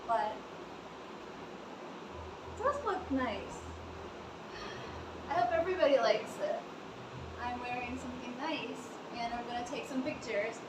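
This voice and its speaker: Giggly high-voiced young woman vlogger. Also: heavy background noise. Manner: self-deprecating, giggly, rambling. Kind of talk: casual makeup vlog chat.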